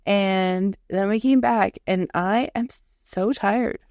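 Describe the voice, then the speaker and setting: Gravelly-voiced woman, swearing storyteller. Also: mid-range voice, slow, no echo. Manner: animated, profane storytelling. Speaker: podcast co-host. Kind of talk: casual chat.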